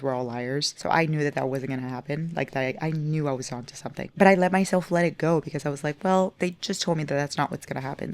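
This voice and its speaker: A young woman with a lowish, gravelly voice talks straight to her viewers in a casual book vlog. She gushes and swears freely, swinging from excited to grumbling. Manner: excitable, profane, gushing. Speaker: book vlogger. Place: at home indoors.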